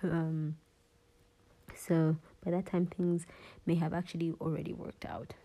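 A woman in a whispered Bible reading and teaching, halting and often losing her place and rereading verses. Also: low-pitched, little pitch movement, warm tone, poor audio.

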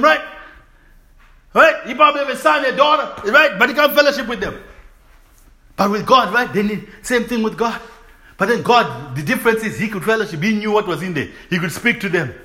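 This preacher's voice is extremely high. He works his sermon in call-and-response style, often seeking agreement from the audience, and breaks into shouts and laughter at times.

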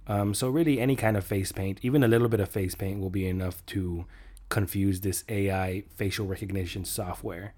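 A man with a fairly low voice talks in a loose, rambling way. He jokes often and laughs at his own lines in an easygoing podcast chat. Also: fairly even intonation, fairly quick, mellow. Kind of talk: casual chat.

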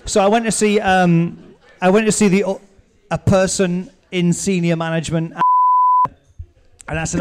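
High-voiced man telling stories. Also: level tone, unhurried, long pauses, noisy background. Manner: swearing storyteller, laughs often. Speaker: podcast host, author. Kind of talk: casual chat.

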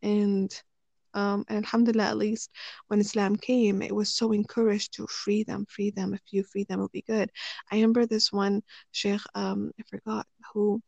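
A woman telling stories in relaxed conversation, rambling with many fillers and restarts. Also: medium pitch, normal speed, creaky, no room sound. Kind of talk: casual conversational storytelling. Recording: dry, slightly muffled recording.

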